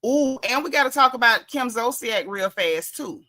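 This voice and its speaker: A woman's voice: fairly high pitch, animated, moderate pace, sharp tone. A woman hosting a casual gossip commentary show, chatty and sassy, laughing and reading blog posts aloud with her own asides. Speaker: host.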